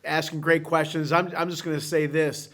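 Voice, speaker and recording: A male co-host tells a long story with a lot of feeling, rambling from one detail to the next. His voice is a little higher than most men's. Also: flat delivery, normal speed, a bit bright. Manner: rambling, heartfelt. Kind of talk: emotional storytelling.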